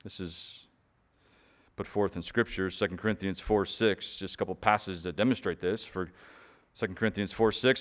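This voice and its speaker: A man's voice: low voice, steady tone, moderate pace. A man preaching a sermon in an earnest, emphatic way, pressing key points harder and often repeating words as he builds them.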